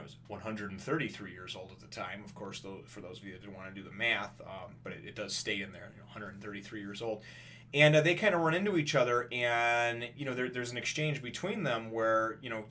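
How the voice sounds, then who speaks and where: A man's voice: mid-range voice, a bit bright, a little hiss or hum. A man casually recapping a comic chapter, rambling with many fillers and restarts and acting out characters' lines. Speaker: comic reviewer.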